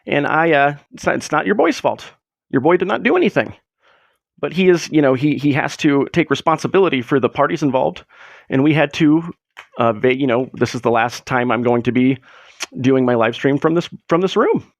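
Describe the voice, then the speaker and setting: A man's voice: a little high, expressive, normal speed, vocal fry, no room sound. A man hosting a casual livestream from a room at home, rambling with joking, sarcastic asides. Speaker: livestream host.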